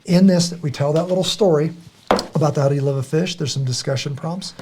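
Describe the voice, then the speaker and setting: A middle-aged man hosts a podcast, his voice fairly high and fast against some background noise. He tells stories in a casual, earnest way, animatedly acting out the quotes he relates.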